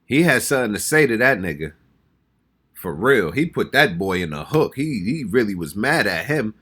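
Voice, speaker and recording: A man's voice: on the low side, very animated, moderate pace, a bit bright, husky. An American man hosting a reaction channel, talking casually and exclaiming as he reacts, often repeating himself. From United States. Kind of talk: casual music reaction commentary.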